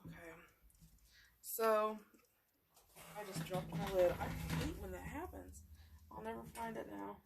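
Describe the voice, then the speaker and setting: A woman hosts a craft tutorial, chatting to viewers in a casual, rambling way as she works, a bit sleepy and yawning. Her medium-pitched voice is gravelly and a little slow, she pauses often, and the background is noisy.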